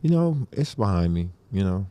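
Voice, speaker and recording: A man's voice: low-pitched, big pitch swings, normal speed, warm tone. A man as a podcast guest in casual chat, laid-back and slangy, often saying "you know".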